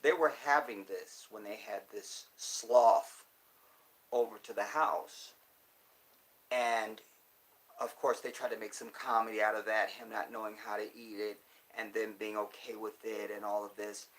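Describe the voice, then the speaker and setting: A man's voice: lowish voice, steady tone, measured pace, fairly bright tone, rough recording. A man speaking casually and emphatically to his viewers, repeating his points for stress. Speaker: commentator. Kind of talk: casual monologue.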